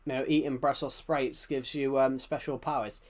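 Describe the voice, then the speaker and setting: A British-accented man from the United Kingdom speaks at a normal speed in a medium pitch that barely moves. Chatting casually on his live game stream, he rambles, addresses chat messages, and frequently restarts.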